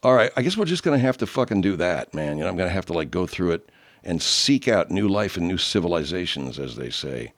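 A man with a low, very animated voice talks briskly as he hosts a show. He plays clips sent in by listeners and chats in a loose, casual way, swearing freely.

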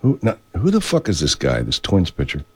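A man's voice: deep voice, huge pitch swings, fairly quick, breathy edge, no echo. A man hosting a radio show, rambling in a profane, meandering monologue that keeps getting sidetracked. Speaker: radio host.

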